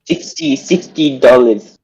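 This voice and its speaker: A man playing another country's envoy in an online role-play, pitching an oil deal and stumbling over his numbers. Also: lively intonation, takes it slowly, darkish tone, lo-fi sound. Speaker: player representing Kazakhstan. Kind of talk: political role-play negotiation.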